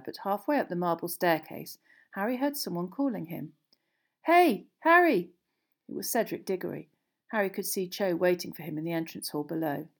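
A woman narrating a storybook aloud in a steady, measured reading. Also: on the low side, creaky. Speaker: audiobook narrator.

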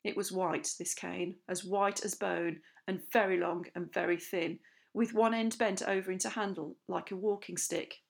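Expressive woman reading a children's novel. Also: lowish voice, normal speed, creaky. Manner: lively, expressive first-person storytelling. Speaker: audiobook narrator. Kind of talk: scripted storybook narration.

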